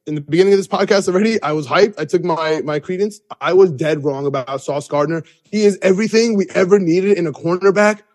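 A young man hosting a podcast, telling an excited, rambling story with many restarts. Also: high-pitched. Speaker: podcast host. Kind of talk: excited casual recap.

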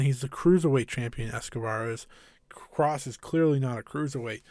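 A man's voice: mid-range voice, a little mellow, dry recording, studio quality. A man giving a casual, enthusiastic and opinionated recap of a wrestling show, rambling a little with fillers.

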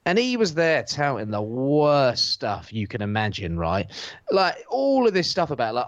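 This is a man on a casual podcast, ranting with sarcasm and plenty of swearing. His pitch jumps around in a very lively way as he mocks things. The sound is dry and close, with no room echo. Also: moderate pace, highs cut off. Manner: sarcastic, swearing, animated mocking rants. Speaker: podcast co-host. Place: at home on a sofa.

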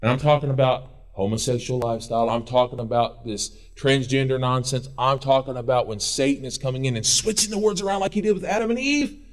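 A male pastor preaching a sermon in a church, swinging between loud urging and quiet intensity. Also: mid-range voice, fast, hardly any pauses.

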